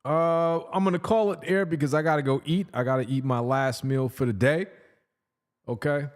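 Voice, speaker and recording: A man in his fifties chatting casually on a livestream, playful and laughing often, sometimes dropping into a low put-on DJ voice. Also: normal speed. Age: 50s. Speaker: livestreaming artist.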